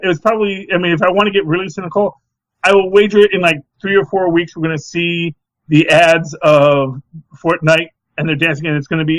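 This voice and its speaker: A middle-aged man co-hosting a podcast, talking in a rambling, animated casual chat full of restarts. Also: high-pitched, no echo, rough recording. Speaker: podcast co-host.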